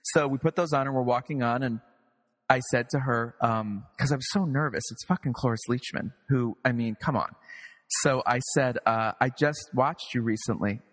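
A man who is a playwright and director, guest in a casual interview, telling lively anecdotes with some swearing and acting out other people's lines. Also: mid-range voice, normal speed, in a large hall. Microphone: video call.

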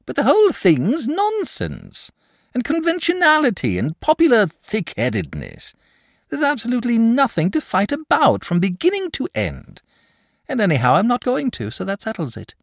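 A timid, fussy dragon, polite and easily flustered, in a storybook reading, as a man puts him on. His voice darts up high and swings widely, and the sound is dry and close. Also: huge pitch swings, moderate pace, creaky, dry recording, heavily acted. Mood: stubborn, triumphant. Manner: nervous, genteel and easily flustered. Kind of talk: storybook reading, voicing characters.

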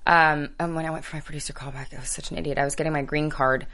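A young woman talking casually in an interview, telling lively stories and acting out what people said. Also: low-pitched, racing. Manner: animated storyteller, acts out quotes. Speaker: actress guest.

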